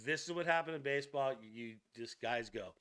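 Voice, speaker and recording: A man hosting a casual sports news channel, chatting excitedly with jokey asides and laughs. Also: medium pitch, brisk, clear, resonant tone.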